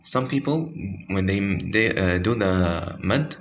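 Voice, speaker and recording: Very low-voiced man teaching tajweed. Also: lively intonation, a little hiss or hum. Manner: halting, many fillers and self-corrections. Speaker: Quran recitation teacher. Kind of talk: informal tajweed lesson with screen pointing.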